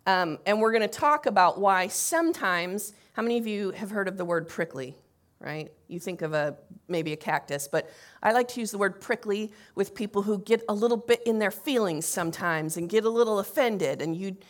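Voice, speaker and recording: A woman's voice: medium pitch, moderate pace. Woman, pastor, conversational sermon, fillers and restarts, church setting. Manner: conversational, with fillers and self-corrections. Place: church sanctuary with congregation.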